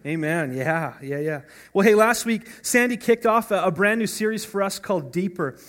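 A man's voice: high voice, lively intonation, normal speed, fairly bright tone. A man preaching a sermon as pastor in a conversational way, often asking "right?" and restarting his words. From North America.

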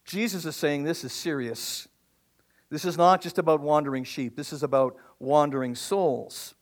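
High-voiced man preaching a lively sermon. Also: moderate pace. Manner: animated, call-and-response questions to the congregation. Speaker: pastor.

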